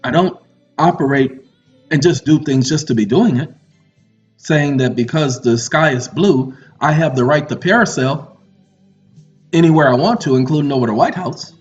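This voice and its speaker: A man's voice: a little high, moderate pace. A man giving a lecture monologue in a preachy, confrontational manner with teasing asides. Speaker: online lecturer. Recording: muffled audio with faint music.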